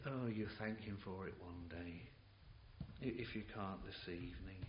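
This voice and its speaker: A man preaching a sermon in a church, impassioned and halting, often repeating words as he builds his points. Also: sits low. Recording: dull, hissy, roomy old tape recording.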